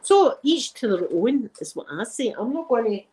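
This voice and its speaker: A middle-aged woman from Glasgow, Scotland, hosts a channel and chats casually, rambling through her stories with frequent laughter. Her Glaswegian Scottish accent comes through a fairly high, very animated voice at normal speed, a little mellow and slightly rough.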